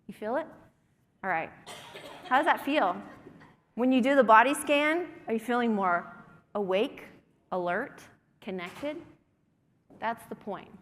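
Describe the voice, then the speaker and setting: A woman's voice: fairly high pitch, animated, a little slow, long pauses, fairly bright tone, slight background noise. A woman presenter leading a group through breathing and humming exercises in an encouraging way, in a conference breakout room. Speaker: workshop presenter. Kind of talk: guided breathing and humming workshop. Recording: long hall reverb.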